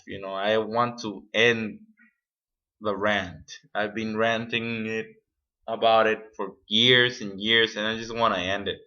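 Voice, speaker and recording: Forceful, profane man ranting on camera. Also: fairly low pitch, muffled recording. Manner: profane, rambling and exasperated. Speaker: vlogger. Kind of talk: unscripted angry rant to camera. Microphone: camera mic.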